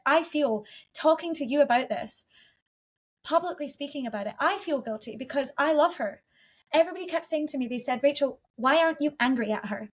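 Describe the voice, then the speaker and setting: Earnest higher-voiced woman guest. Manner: earnest, heartfelt, with frequent restarts. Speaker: podcast guest. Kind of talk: emotional personal storytelling.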